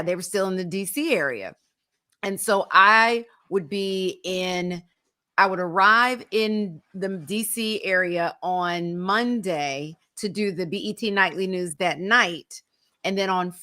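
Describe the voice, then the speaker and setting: Low, bright-voiced woman co-host. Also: measured pace. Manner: reflective, recounting past work. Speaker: podcast co-host. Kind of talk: casual conversational chat.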